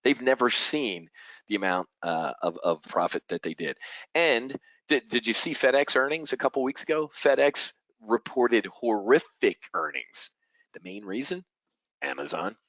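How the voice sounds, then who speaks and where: A man's voice: mid-range voice, very animated, normal speed, a bit bright, no room sound, rough recording. A middle-aged man teaching a live options-trading webinar, punchy and direct, firing rhetorical questions at the audience and using fighter-pilot jargon. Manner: punchy, talks straight to the audience.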